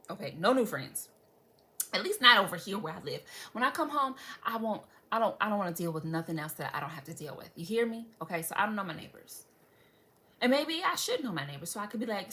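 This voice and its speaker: A woman's voice: mid-range voice, bright, forceful tone. A young adult woman vlogger telling a story in casual chat, dramatic and sarcastic, swearing freely and asking viewers asides. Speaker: beauty vlogger.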